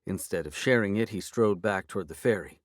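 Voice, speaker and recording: A male narrator with a fairly low voice reads a first-person fantasy story. His delivery is even and dry, recorded close with no room sound. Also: a little fast, no room sound. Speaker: audiobook narrator.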